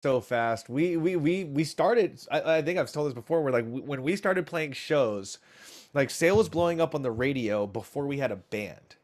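A man's voice: a little high, normal speed. A man who is a touring musician, chatting casually and telling road stories with lots of swearing and restarts. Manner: profane, animated storyteller with restarts. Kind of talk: casual chat.

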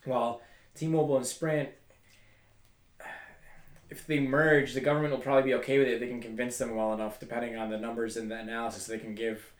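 A man's voice: mid-range voice, level tone, fairly quick, long pauses, reverberant. A man hosting a podcast, chatting casually and rambling at length with many fillers. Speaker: podcast host. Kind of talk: casual chat.

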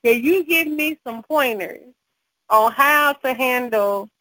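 Lively mother telling stories, bright voice. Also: high-pitched, takes it slowly, no room sound, rough recording. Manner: animated storytelling with laughs. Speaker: podcast co-host. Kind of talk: casual chat.

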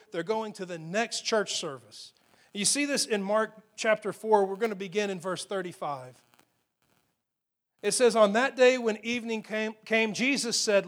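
A man's voice: high-pitched, a bit bright. A man preaching a sermon, telling a Bible story with rising and falling emphasis. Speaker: pastor.

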